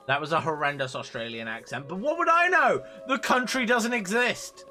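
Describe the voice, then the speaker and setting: A young man streaming a video game, chatting casually and excitably, swearing freely. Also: sits high, moderate pace, hardly any pauses, faint music behind. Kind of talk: casual gameplay commentary.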